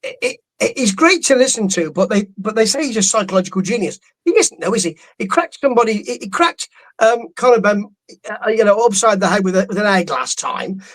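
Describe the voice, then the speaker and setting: A man's voice: high voice, expressive, fairly quick, poor audio. A man co-hosting a boxing podcast, talking in a rambling, amused way with frequent restarts. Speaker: podcast co-host. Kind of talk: casual boxing podcast chat.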